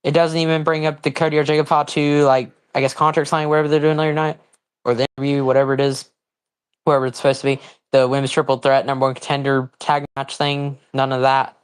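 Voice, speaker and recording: A man hosting a livestream, giving casual, rambling commentary on a wrestling broadcast and breaking into excited outbursts and confused reactions. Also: mid-range voice, fast talker, smooth. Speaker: livestream host.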